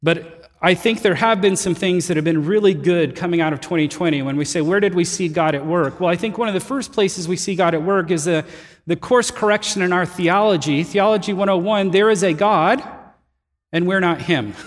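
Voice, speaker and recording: High-voiced pastor in an echoing hall. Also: male voice, a little fast. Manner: conversational storytelling, animated and self-deprecating. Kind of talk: sermon.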